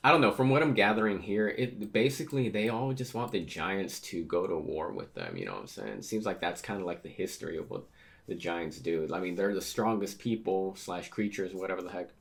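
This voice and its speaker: A man's voice: deep voice, animated, fairly quick, creaky. A man casually reading a manga chapter aloud and reacting, often stumbling over words as he goes. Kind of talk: casual manga read-through with commentary.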